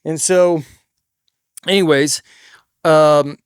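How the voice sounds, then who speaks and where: High-voiced man, slangy, keeps saying "right?". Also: drawn-out words, smooth, dry recording, studio quality. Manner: energetic, demonstrates moves, bursts into shouted song lines; slangy, swears, says "right?" and "dude" often. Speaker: singer giving stage tips. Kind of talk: casual video lesson.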